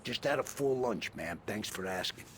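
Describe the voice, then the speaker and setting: An actor playing a gruff, stubborn male detective on a stakeout in a video game, deadpan and clipped. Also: fairly low pitch, normal speed, slight background noise, close to an everyday voice. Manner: deadpan, clipped, flares into anger. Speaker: game character.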